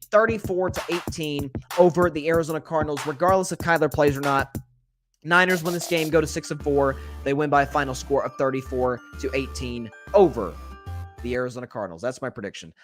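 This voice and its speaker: A man's voice: fairly high pitch, a little fast, faint music behind. Chatty sports podcast host, man. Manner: conversational, frequent restarts and stammers, opinionated predictions. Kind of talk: solo sports talk show.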